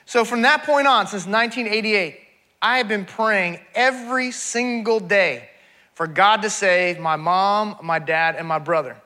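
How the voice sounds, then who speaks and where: A man's voice: high voice, pushed and bright. A middle-aged male pastor preaching a sermon, repeating his key points for emphasis.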